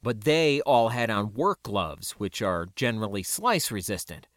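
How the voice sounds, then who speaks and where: A man narrating a first-person story aloud in an expressive reading. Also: on the low side, normal speed, no room sound, studio quality. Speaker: audiobook narrator.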